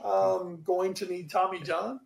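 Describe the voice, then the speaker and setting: A man with a high voice co-hosts a casual sports chat. He talks in an animated, rambling way and swears freely. His voice carries a roomy echo. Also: unhurried, creaky. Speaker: podcast co-host.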